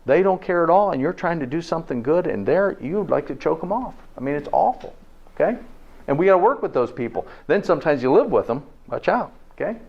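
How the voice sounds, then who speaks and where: A man's voice: on the high side, expressive, brisk, creaky. Folksy man lecturing, dull lo-fi sound. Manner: folksy, peppers points with "okay?" and rhetorical questions. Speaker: health presenter. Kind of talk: live lecture to an audience. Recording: dull lo-fi recording.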